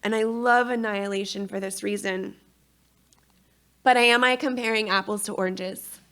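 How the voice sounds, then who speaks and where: A woman giving a paper at an academic conference, moving between scholarly commentary and frank, expressive personal storytelling. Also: mid-range voice, moderate pace.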